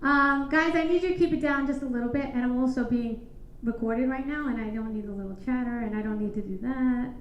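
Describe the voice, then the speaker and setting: High-voiced brash woman doing stand-up. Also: brisk. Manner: brash, deadpan punchlines to the crowd. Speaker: stand-up comedian hosting a show. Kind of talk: stand-up routine. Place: comedy club stage. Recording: echoey club, slightly dull sound.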